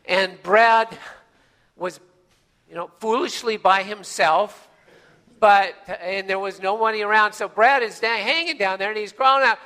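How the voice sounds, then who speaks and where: A male pastor preaches in a folksy, conversational way, full of fillers and restarts. His voice sits high and rings bright and forceful. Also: normal speed, in a large hall. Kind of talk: sermon.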